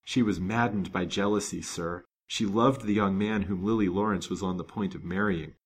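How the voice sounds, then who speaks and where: A man's voice: low voice, fairly even intonation, normal speed, slightly rough. A man reading the lines of a frail, grateful young woman in a storybook, in an earnest, emotional tone.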